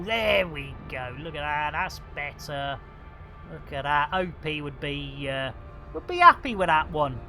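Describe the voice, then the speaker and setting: A man streaming a space game, chatting casually and full of playful catchphrases. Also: a little high. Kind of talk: casual live game commentary.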